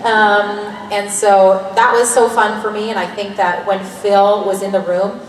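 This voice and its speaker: A Canadian woman in her thirties, an actor answering fan questions on a convention panel in a lively, joking, candid way. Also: medium pitch, measured pace, a little hiss or hum. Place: large convention hall. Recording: echoey hall recording from far off.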